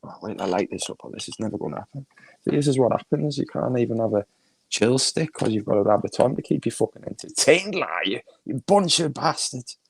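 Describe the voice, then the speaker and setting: A man's voice: mid-range voice, lively intonation, fast, gravelly, a little mellow, slightly rough, no echo, low-quality recording. A man with a Liverpool accent hosting a livestream, ranting crudely and mockingly, laughing often. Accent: Liverpool (Scouse). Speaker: livestream host.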